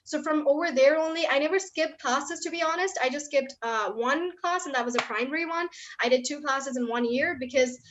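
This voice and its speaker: A young woman speaking as a guest in an online question session, chatty and quick, with many fillers. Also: sits high, fairly bright tone, slight background noise. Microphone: video call. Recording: dull lo-fi online call audio.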